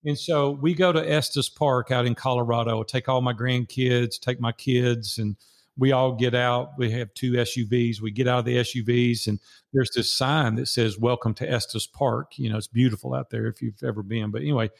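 Gravelly and steady, his medium-pitched voice keeps a normal speed. This older Southern podcast guest tells personal stories earnestly in a relaxed interview, leaning on repeated phrases to stress his points.

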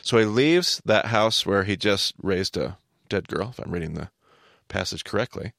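Low gravelly man teaching the Bible. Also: moderate pace, no room sound, clean studio sound. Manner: animated, explanatory, repeats words when starting a thought. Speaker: podcast teacher. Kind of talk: casual Bible teaching talk.

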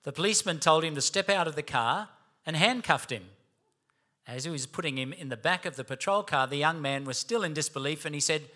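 A man's voice: a little high, animated, a little fast, pushed and bright. A man preaching a sermon, storytelling and emphatic. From Australia.

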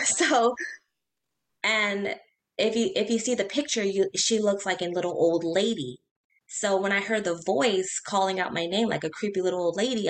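With a medium-pitched voice, a woman chats casually about ghost stories that happened to her. She's lively, speaks in quick bursts, and acts out her own reactions.

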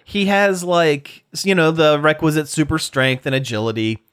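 A man hosts a loose podcast chat with friends, his voice sitting a little high. He rambles through his points, laughs often and keeps the tone jokey. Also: moderate pace, fairly bright tone, clear, resonant tone. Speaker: podcast host. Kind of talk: casual chat.

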